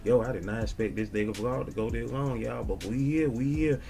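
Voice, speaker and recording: A man vlogging casually, shouting out viewers and reading their comments in a slangy, laid-back way. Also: mid-range voice, brisk, vocal fry, music in the background. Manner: slangy and laid-back, peppered with "you dig". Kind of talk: casual chat.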